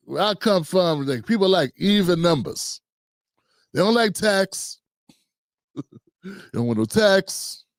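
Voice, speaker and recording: A man's voice: a little high, a little mellow, no echo, studio quality. An older man hosting a livestream, casual and joking, rambling and talking to himself. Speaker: host.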